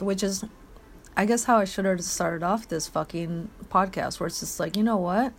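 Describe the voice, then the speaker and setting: A woman's voice: on the low side, moderate pace, vocal fry, a little hiss or hum. A woman hosting a solo podcast, rambling bluntly and swearing a lot as she eats. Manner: eating while talking. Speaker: podcast host.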